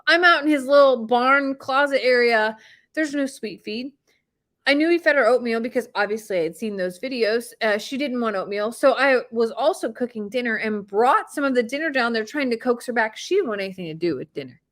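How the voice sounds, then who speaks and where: A woman telling a personal story in a casual, animated way, laughing often and swinging between excited and hushed. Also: on the high side, moderate pace. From Midwest US.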